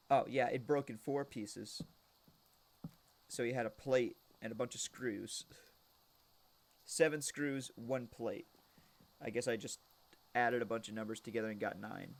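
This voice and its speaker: A young man streaming a game, casually telling a rambling story with lots of restarts, now and then shouting a punchline. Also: mid-range voice, measured pace, vocal fry, pauses often. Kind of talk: casual storytelling while gaming.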